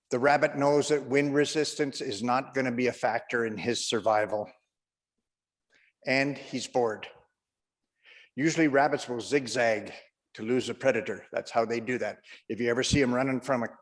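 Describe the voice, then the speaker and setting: A man's voice: mid-range voice, long reverb tail. Man telling a stand-up story. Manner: rambling anecdotal storyteller. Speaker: stand-up comedian.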